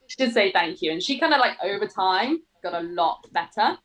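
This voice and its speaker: A woman's voice: mid-range voice, lively intonation, a little fast, fairly bright tone, low-quality recording. A young woman with an English accent frankly telling a personal story, swearing freely and peppering her talk with "like".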